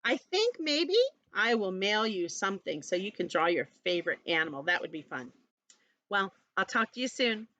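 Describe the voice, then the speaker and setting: A woman teacher reading a storybook to young children, gentle and animated, stopping to ask them questions. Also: medium pitch, moderate pace, no echo, highs cut off.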